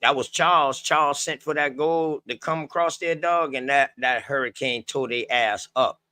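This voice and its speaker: A man's voice: mid-range voice, moderate pace, sharp tone. A man hosting a casual group discussion, talking loosely in slang and giving earnest encouragement.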